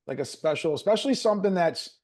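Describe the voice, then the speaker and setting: A man's voice: high voice, expressive, quick pace, darkish tone. A man hosting a Q&A over a video call, talking in a loose, rambling way. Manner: rambling, restarts, fillers. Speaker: mastermind host.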